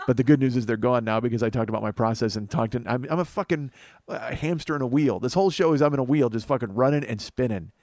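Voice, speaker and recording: A man's voice: medium pitch, fast, darkish tone, dry recording. A sleep-deprived man hosting a comedy podcast, rambling in a self-deprecating monologue full of swearing and restarts. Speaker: podcast host.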